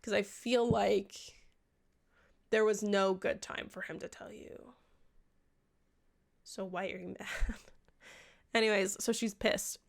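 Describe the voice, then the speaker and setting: A woman's voice: medium pitch, steady tone, slow, gravelly, pauses often. A young woman recapping a book in casual chat, sarcastic and swearing often, playing out the characters' lines herself. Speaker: book reviewer.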